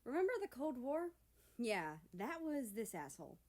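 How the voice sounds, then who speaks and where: A man's voice: very high voice, very animated, normal speed, darkish tone, voice pushed up, exaggerated voice. A woman voicing an older man, a personified country and a father, with a dry, mocking way of talking.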